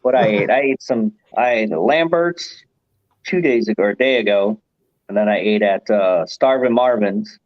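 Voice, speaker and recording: A man's voice: fairly low pitch, normal speed, no echo. A man hosting a casual livestream chat, rambling along and chuckling often. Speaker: livestream host. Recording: dull, muffled stream audio.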